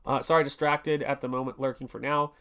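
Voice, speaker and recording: A man's voice: mid-range voice, little pitch movement, brisk, a bit bright, clean tone. A man in his forties hosting a casual art livestream, talking earnestly and rambling with many restarts and fillers. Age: 40s. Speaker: artist livestream host.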